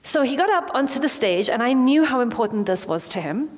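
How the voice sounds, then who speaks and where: A woman's voice: on the high side, expressive, brisk, a little mellow. A woman giving a motivational talk to a live audience, telling a personal story and acting out her own reactions. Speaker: motivational speaker. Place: large hall with an audience. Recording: long hall reverb.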